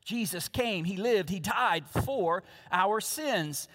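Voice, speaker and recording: High-pitched pastor guy preaching, hammers phrases over and over, big echoey church. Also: animated, slow, a bit bright. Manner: emphatic, repeats key phrases. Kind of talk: sermon. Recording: long reverb of a large hall.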